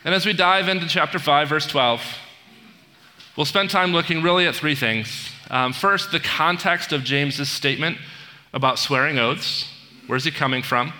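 Guy pastor telling a story to the church, real bright edgy voice, big echoey sanctuary. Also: fairly high pitch, moderate pace. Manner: storytelling, retells film scenes with asides and audience questions. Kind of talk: conversational sermon. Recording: long hall reverb.

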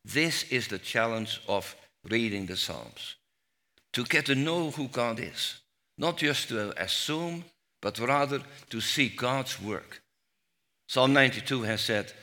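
A man preaching a sermon on the Psalms, slow and emphatic, rising to loud cries when he quotes scripture. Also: fairly low pitch. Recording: long hall reverb.

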